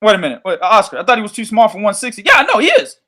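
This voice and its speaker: Animated, profane man ranting on a podcast. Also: high voice, racing. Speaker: boxing podcast host. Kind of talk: casual podcast chat.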